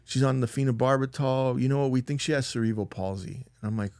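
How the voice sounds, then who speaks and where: A man's voice: mid-range voice, fast, darkish tone, no room sound, clean studio sound. Man rambling through a personal story. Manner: loose, rambling, with lots of "like" and "dude"; acts out quoted dialogue in a raised voice. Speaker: podcast guest.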